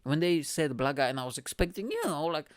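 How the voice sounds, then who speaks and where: Guy ranting solo on his podcast, kinda high voice, super dry close sound. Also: fairly quick, dry recording. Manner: animated, rambling, swears, laughs often. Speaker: podcast host. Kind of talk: casual solo commentary.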